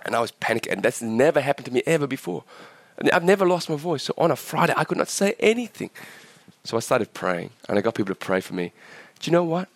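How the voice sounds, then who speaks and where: A fast-talking pastor with big pitch swings preaches in church, recorded with no room sound. In his forties and originally from Vietnam, he's sick and coughing throughout. Still, he speaks with passion, going higher at climactic moments and regularly quizzing the congregation.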